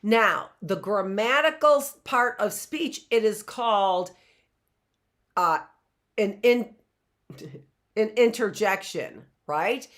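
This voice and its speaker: Lively, slow-talking woman teacher. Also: medium pitch. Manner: chatty, asks "right?" often, laughs at herself. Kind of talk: classroom grammar lesson.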